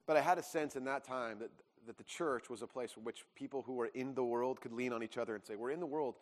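Fast-talking pastor in a reverberant hall. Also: male voice, mid-range voice. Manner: rambling storytelling with restarts and acted quotes. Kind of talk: personal testimony to a congregation. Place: church sanctuary.

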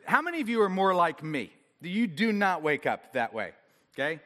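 A man preaching a sermon to a congregation, animated and self-deprecating, getting the audience to join in. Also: sits high, normal speed. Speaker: pastor. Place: large church hall. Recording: long hall reverb.

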